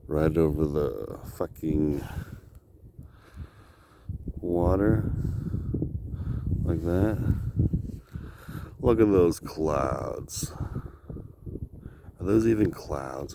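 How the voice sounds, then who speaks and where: Man, sleep-deprived, very deep voice, slow rambling talk, profane, outdoor video diary, wind and ambience behind. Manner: profane, tired and rambling, laughing often. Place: outdoors by water.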